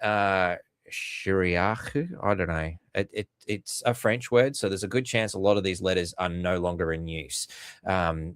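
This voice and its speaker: A man's voice: fairly low pitch, no echo, clean studio sound. A man hosting a podcast, rambling and sarcastic with frequent swearing and fillers. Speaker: podcast host. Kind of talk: casual commentary.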